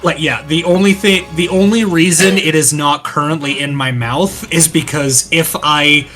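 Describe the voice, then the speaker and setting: A man chatting casually during a game session, telling lively stories and acting out other people's lines. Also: fairly high pitch, moderate pace, faint music behind. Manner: animated storyteller who acts out quoted voices. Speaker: co-host of a gaming let's play. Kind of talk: casual chat.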